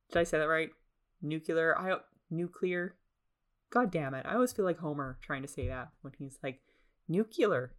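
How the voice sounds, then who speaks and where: A woman's voice: deep voice, fairly bright tone, smooth. A young woman hosting a casual solo podcast from home, rambling with self-deprecating, sarcastic asides. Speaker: podcast host. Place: home in the suburbs.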